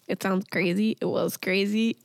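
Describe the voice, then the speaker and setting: Casting: young woman, gravelly fry, dry close sound, casual rambling storyteller. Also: mid-range voice, fairly even intonation, normal speed, no echo. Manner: rambling storytelling with many fillers. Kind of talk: casual chat.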